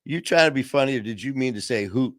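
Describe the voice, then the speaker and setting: A middle-aged podcast host with a mid-range voice talks fast, telling stories in casual chat, laughing often and acting out voices in his anecdotes. The recording is dry and clean, with studio quality.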